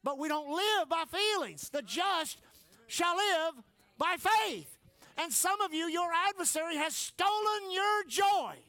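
A male pastor preaching a sermon emphatically, swinging between shouts and low asides and laughing often. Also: lively intonation, slow pace.

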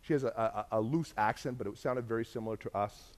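A man preaching a sermon, telling a lively mission-trip story and acting out the other people's voices. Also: mid-range voice, fast talker. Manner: animated, acts out quoted voices, laughs while telling.

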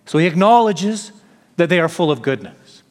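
A man's voice: on the high side, sing-song, normal speed, big-room sound. A man preaching an expository sermon, emphatic, sometimes paraphrasing the apostle in the first person.

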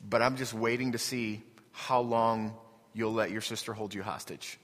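A man voicing a calm, knowing old grandfather in a story, speaking quietly and gently. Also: fairly low pitch, normal speed. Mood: gentle. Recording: long reverb of a large hall.

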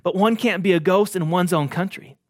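A man's voice: high voice, fairly quick, dry recording, clean studio sound, voice pushed up, lightly acted. A man doing a raised-voice, eager young king. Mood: eager joyful.

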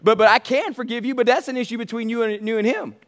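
A man's voice: very high-pitched, fast. A man preaching a sermon as pastor, emphatic and repetitive, calling out to his congregation.

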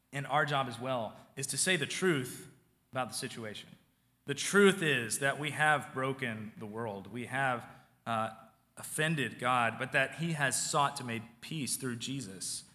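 Pastor, male; casual sermon delivery that drops from loud to near-quiet; bright tone, reverberant hall. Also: medium pitch. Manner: conversational preaching, swings from loud to hushed.

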